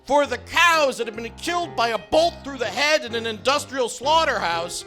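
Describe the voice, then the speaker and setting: A middle-aged man telling a self-mocking comic story on stage in a wry, animated way. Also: extremely high pitch, normal speed, faint music behind.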